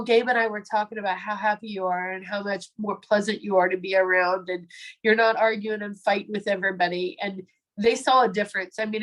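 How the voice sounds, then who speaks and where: A woman's voice: medium pitch, poor audio. A woman in her forties giving a chatty testimony on a video call, acting out the quoted voices as she tells it. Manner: chatty storyteller, acts out quoted voices, frequent ums. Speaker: product distributor sharing a testimony.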